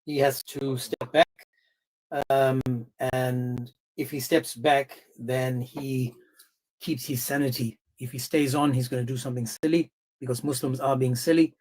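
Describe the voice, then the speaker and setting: A man hosting a debate livestream, talking in a brisk, informal way and cutting in to steer the chat. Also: mid-range voice, fairly even intonation, darkish tone, low-quality recording. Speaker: livestream host. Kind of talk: casual debate-stream hosting.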